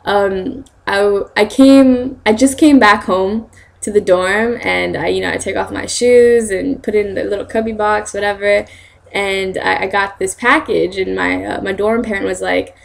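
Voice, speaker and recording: A young woman telling stories in a casual vlog, chatty and quick to laugh, acting out other people's lines in a higher voice. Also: steady tone, gravelly. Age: young adult. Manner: chatty, laughs often, acts out quotes in high voices. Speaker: vlogger.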